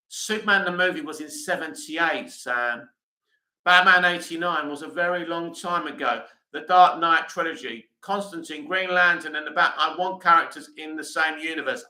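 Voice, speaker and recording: A man's voice: a little high, pushed and bright, reverberant, low-quality recording. A British man hosting a live stream, reading comments aloud and answering them bluntly in casual chat.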